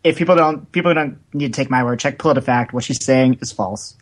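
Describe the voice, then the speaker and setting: A man's voice: mid-range voice, a little fast. A man taking part as a guest on a podcast roundtable, retelling events in a joking, emphatic way. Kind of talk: casual roundtable chat.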